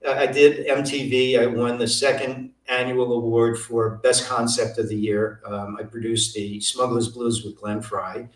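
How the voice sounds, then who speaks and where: An older man, a guest in an interview, telling lively anecdotes and acting out what others said. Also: medium pitch, measured pace, hardly any pauses. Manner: animated anecdotes, acting out quoted voices. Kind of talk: storytelling interview. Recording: roomy, from a distance.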